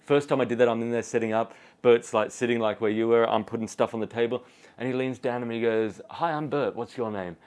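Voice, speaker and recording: An Australian man hosting a casual interview, telling stories and doing quick impressions of people he met. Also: mid-range voice, level tone, darkish tone, smooth. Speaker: podcast host.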